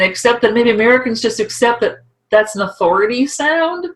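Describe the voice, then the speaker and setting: A middle-aged woman co-hosting a podcast, talking through a TV episode in a chatty, rambling way with quick asides. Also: a little high, low-quality recording. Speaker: podcast co-host. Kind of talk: casual discussion of a TV episode.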